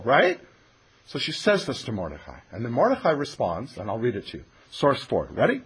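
A man teaching a text study, telling the story in a lively way and reading sources aloud. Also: medium pitch, fairly quick, husky. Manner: animated storytelling, acts out voices, reads sources aloud.

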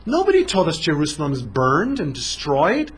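Casting: man voicing grieving travelers, plaintive, husky. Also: fairly high pitch, wildly swooping pitch, moderate pace, heavily acted. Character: grieving group of male travelers.

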